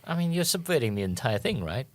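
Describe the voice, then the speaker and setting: A man co-hosts a comedy trivia podcast in a rambling, animated way, laughing as he goes. His voice sits at an ordinary pitch. The sound is dry and close, with no room echo. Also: quick pace. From South Africa. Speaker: podcast co-host. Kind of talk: casual comedic trivia chat.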